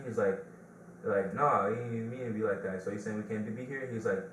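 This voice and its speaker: A man's voice: lowish voice, brisk, fairly bright tone. A man with a Detroit accent hosting a podcast, chatting casually and telling stories with a loose, laughing delivery. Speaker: podcast host. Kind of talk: casual chat. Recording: roomy, distant mic with background hiss.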